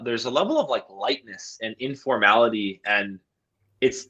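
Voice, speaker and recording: Man, even mid-low voice, earnest, encouraging, host on a video call. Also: highs cut off. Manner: earnest, encouraging, addresses the audience as guys. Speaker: roundtable host. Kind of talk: moderating a roundtable.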